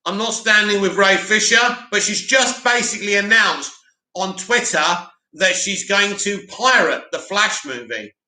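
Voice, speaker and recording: A man's voice: high-pitched, a little slow, sharp tone, roomy sound, low-quality recording. Blunt man hosting a livestream. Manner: blunt, opinionated, reads comments aloud. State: sore throat. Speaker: livestream host reading chat. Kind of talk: casual livestream commentary.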